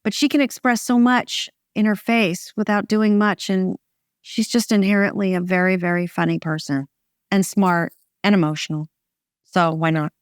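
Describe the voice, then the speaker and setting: A middle-aged American woman, a film director, chatting in an interview in a wry, relaxed way with short phrases and restarts. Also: medium pitch, moderate pace, clear, resonant tone, dry recording, studio quality. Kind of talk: casual interview conversation.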